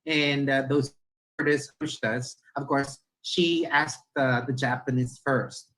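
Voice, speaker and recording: A man's voice: mid-range voice, steady tone, measured pace, fairly bright tone, poor audio. A Filipino man with a Filipino accent, giving a chatty, conversational talk to teachers and slipping Filipino words into his English. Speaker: teacher trainer.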